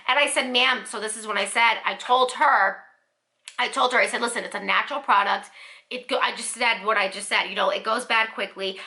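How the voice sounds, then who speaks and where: High, bright-voiced woman ranting animatedly. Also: brisk. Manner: animated, indignant, lots of fillers like "like" and "you know". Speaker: beauty vlogger. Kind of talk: casual storytime rant.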